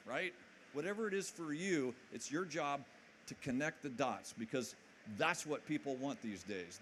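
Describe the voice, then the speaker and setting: At a live conference in a hall, a man delivers a motivational talk with lots of energy, cracking jokes and repeatedly posing questions to the audience. His voice is mid-range, with a bit of background noise in the recording.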